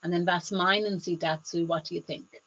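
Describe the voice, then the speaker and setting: A woman's voice: lowish voice, steady tone, moderate pace, fairly bright tone, dull audio. A woman, teaching German online in an upbeat exam-prep lesson and switching between German and English.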